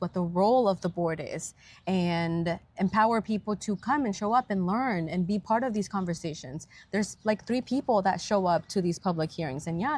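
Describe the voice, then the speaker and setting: Woman, mid-pitched voice, podcast guest, earnest and upbeat, casual talk. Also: darkish tone. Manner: earnest and upbeat, talks about civic engagement. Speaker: guest, county attorney. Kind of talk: casual interview chat. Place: outdoors in a park.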